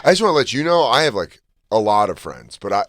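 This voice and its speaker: A comedian with a lowish voice that swings widely in pitch, caught dry and close. He riffs and slips into acted-out voices, and his delivery stays animated throughout. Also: quick pace, dry recording. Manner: animated riffing, acts out voices. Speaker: comedian, podcast co-host. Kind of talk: casual comedic chat.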